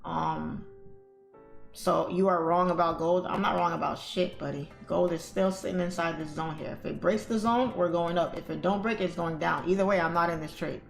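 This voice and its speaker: A woman's voice: on the low side, a little fast, gravelly, hardly any pauses. A woman hosting a trading livestream, chatting casually to her viewers as she tells a story. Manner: chatty, addresses viewers as y'all and guys. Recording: echoey room with faint music.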